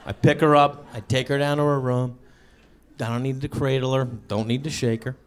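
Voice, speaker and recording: A man's voice: moderate pace, clear, resonant tone. A man in his thirties doing a stand-up comedy set on stage, telling stories with bursts of acted voices. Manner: animated storytelling with sudden high-pitched acted quotes. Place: comedy stage before a live audience.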